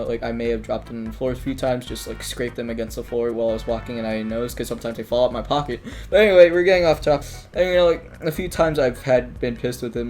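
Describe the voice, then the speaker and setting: A man's voice: medium pitch, darkish tone. A man telling school stories in a casual, rambling monologue, full of filler words, restarts and offhand swearing.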